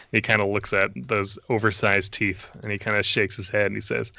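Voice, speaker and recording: A man's voice: fairly low pitch, flat delivery, fairly quick, gravelly, pushed and bright, no echo. A man playing a tabletop game, easygoing as he narrates his character's actions. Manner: easygoing, describes actions with frequent fillers. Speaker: player.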